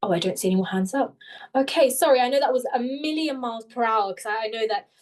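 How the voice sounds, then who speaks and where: A young woman tutoring interview skills in a live webinar, talking fast with animated, self-correcting explanations over a video call. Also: fairly high pitch.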